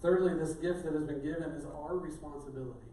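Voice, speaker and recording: This middle-aged pastor's voice is highish yet dark, steady in tone and quick in delivery as he preaches with a joking, conversational style. A distant mic in the echoey sanctuary adds a little hiss or hum.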